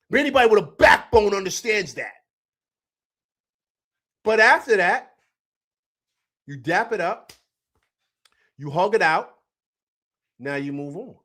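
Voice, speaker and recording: A middle-aged man hosting a live postgame sports show, emphatic and repetitive as he reads out comments and answers them. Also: high-pitched. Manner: animated, emphatic, repeats himself, reads chat comments aloud.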